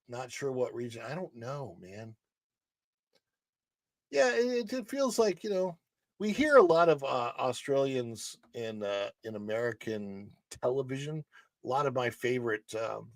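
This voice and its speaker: A middle-aged man hosts a casual news show from a studio, reading articles aloud and breaking off for chatty asides. His voice has a gravelly, fry-tinged texture at a middle pitch. The sound is dry, with no room echo. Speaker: livestream news show host.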